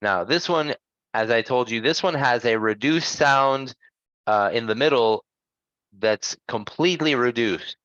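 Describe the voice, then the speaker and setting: A man leads an online pronunciation class at a slow, patient pace. His voice is close and dry. The sound is a little muffled, like call audio. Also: mid-range voice, fairly bright tone, no echo. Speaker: English pronunciation teacher.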